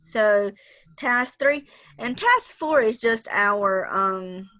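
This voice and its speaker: A woman's voice: a little high, lively intonation, very slow, pushed and bright, poor audio. A woman on a video call, explaining a project schedule step by step to her group, with frequent ums. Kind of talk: casual planning call.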